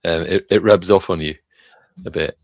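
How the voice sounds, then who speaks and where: A man's voice: deep voice, fairly even intonation, moderate pace, darkish tone, dry recording. A man from Wales chatting casually on a livestream, hesitant and self-deprecating, with many restarts.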